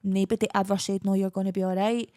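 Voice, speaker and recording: A young Scottish woman telling her story in a casual podcast chat, animated and full of quoted dialogue. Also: mid-range voice, quick pace, no echo, clean studio sound. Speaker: podcast guest.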